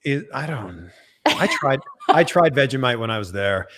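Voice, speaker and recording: A man's voice: medium pitch, expressive, moderate pace, fairly bright tone. Male host from Canada, mid-range voice with lots of melody, jokey interviewer on a video call. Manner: playful, teasing questions. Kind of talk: casual interview chat.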